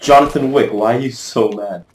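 Excitable man in a roomy echo. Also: mid-range voice, moderate pace. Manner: excitable, mildly cursing, trash-talking opponents. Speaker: gaming video creator. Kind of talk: live gameplay commentary.

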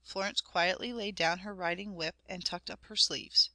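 A woman reading a story aloud as a narrator, in a measured storytelling manner that speaks to the listener. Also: fairly low pitch, fairly even intonation, pushed and bright, no echo. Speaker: audiobook narrator. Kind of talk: scripted narration.

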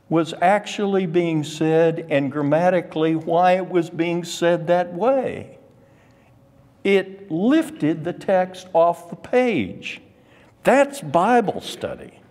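A man teaching Scripture to a class, moving slowly and deliberately through each point. His pitch swings widely as he draws out and leans on key words. His voice trails in a long hall reverb. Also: a little mellow. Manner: emphatic, drawn-out stresses on key words. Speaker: Sunday school teacher.

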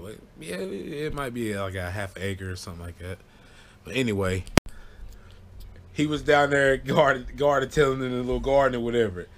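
A young man spinning a childhood story for his viewers, easygoing and rambling. He keeps tossing in "you know what I'm saying" and laughs at his own tale. His voice sits in a middle pitch. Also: fairly bright tone. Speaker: vlogger. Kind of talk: casual storytelling.

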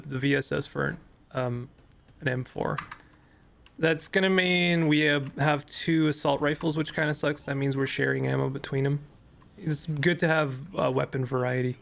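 Young guy with a gravelly, slightly raised voice, rambling through a game, lots of ums and restarts, voice going hoarse. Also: a little high, fairly bright tone. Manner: rambling, many fillers and restarts. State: losing his voice. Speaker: gaming YouTuber. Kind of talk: casual gameplay commentary.

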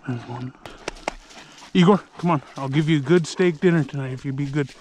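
A man outdoors talking casually and gently coaxing and soothing his dog. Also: fairly high pitch, a little fast, slight background noise. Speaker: vlogger. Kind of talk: casual talk while outdoors. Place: outdoors in the woods.

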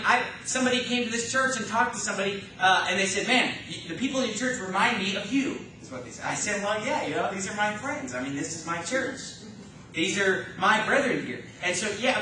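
A man preaching a sermon with a high, sharp, bright voice that swells and drops in force. He is picked up from far off, with heavy echo filling the church room. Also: a little hiss or hum. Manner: emphatic preaching, rising and falling in force. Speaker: pastor. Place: church sanctuary.

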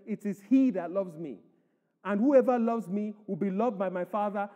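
A man's voice: sits high, warm tone. A man preaching a sermon as pastor, emphatic, reading scripture aloud to the church. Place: church hall. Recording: echoey church hall.

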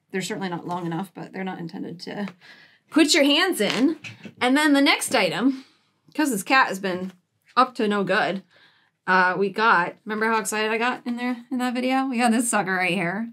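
A woman's voice: medium pitch, fairly bright tone. A woman vlogger chatting casually at home while showing off a shopping haul, giggling and cooing baby talk at her cats.

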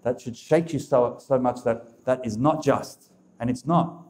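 A man preaches to a live audience. He repeats his points with emphasis and speaks straight to his listeners. His voice is warm and mellow, and his pitch sits in a typical middle range. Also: a little slow. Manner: emphatic, repetitive, addresses the audience directly. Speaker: speaker of a religious talk.

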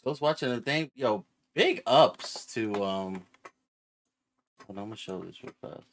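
Animated, slangy male streamer. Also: lowish voice, measured pace, slight background noise. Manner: excitable, slangy, swears. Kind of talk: casual stream chat.

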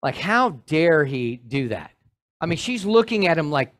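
A male pastor preaching a sermon in an animated way, with joking asides to his congregation. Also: a little high, measured pace.

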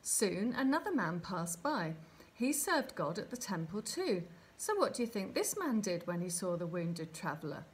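Jesus, a woman voicing a gentle teacher. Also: mid-range voice, sing-song, moderate pace, slight background noise, close to an everyday voice.

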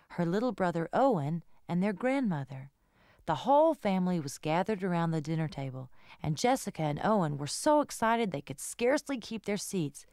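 A woman reading a children's story aloud in an expressive, sing-song way. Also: lowish voice, no room sound, studio quality. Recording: guitar music behind.

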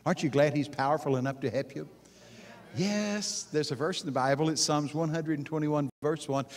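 Animated man preaching a folksy conference sermon. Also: fairly high pitch, normal speed. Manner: animated, swings from hushed asides to loud exclamations; folksy, talks directly to the audience with questions. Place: live conference session before an audience.

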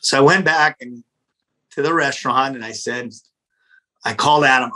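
A middle-aged man, a pizza restaurant owner, telling a story in a casual interview in a blunt, animated, profane way. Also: medium pitch, fairly quick, rough recording.

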